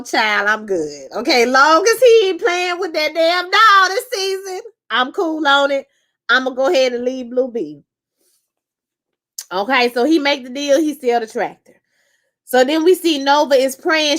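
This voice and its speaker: Young woman reviewer, sassy casual recap chat, bright and punchy. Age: young adult. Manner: sassy, animated, slangy, breaks into high exclaims. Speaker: show reviewer.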